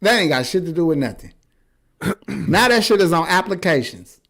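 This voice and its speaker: Animated, blunt, profane male podcaster. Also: on the high side, moderate pace. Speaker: podcast co-host. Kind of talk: casual chat.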